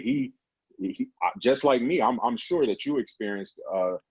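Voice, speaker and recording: Earnest man, husky low voice. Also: a little mellow, dry recording, dull audio. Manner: earnest, opens up about emotions. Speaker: panel guest. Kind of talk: candid radio panel talk.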